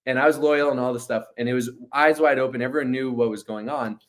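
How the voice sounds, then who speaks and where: A man in his thirties speaks as a guest in a casual interview. He is an animated storyteller who acts out what others said, with a mid-range voice. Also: mid-range voice, quick pace. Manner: animated storyteller acting out quotes. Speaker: interview guest, entrepreneur and leadership coach.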